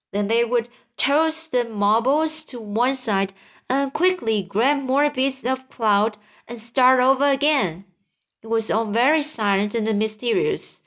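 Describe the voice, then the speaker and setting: A woman reading a children's book aloud, halting with frequent slips and restarts. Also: fairly high pitch, a bit bright. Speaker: reader.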